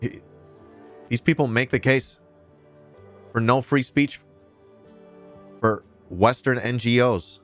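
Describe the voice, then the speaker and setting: A man's voice: mid-range voice, slow pace, long pauses, fairly bright tone, faint music behind. A man hosting a livestream, reacting to news clips in a sarcastic, ranting way and swearing freely. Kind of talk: casual livestream commentary.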